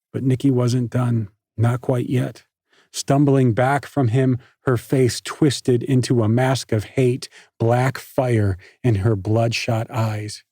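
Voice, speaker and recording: A man narrating an audiobook in a measured, even storytelling manner on a studio microphone. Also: medium pitch, husky, dry recording. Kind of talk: scripted narration.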